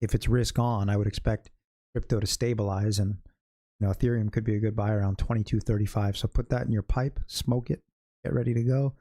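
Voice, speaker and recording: A man's voice: lowish voice, fairly even intonation, brisk, mellow. A middle-aged American man from California, talking casually on a trading livestream. He chats loosely and jokes as he goes, wanders off into stories, and chuckles at his own asides. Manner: chatty, jokey storyteller, laughs at own stories. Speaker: day-trading livestream host.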